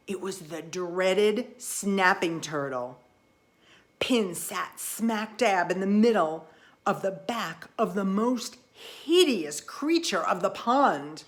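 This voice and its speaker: A woman narrating a children's storybook in the first person, with expressive, lively delivery. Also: medium pitch. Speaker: audiobook reader.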